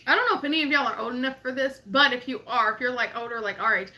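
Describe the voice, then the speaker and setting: Young woman co-host, high and bright, animated laughing storyteller in casual chat. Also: racing. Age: 20s. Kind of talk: casual chat, reading live chat.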